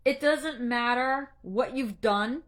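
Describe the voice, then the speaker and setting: A woman anxiety coach giving an earnest, faith-based encouragement talk, emotional and halting, stumbling and restarting as she speaks. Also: fairly high pitch, a bit bright. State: emotional, near tears.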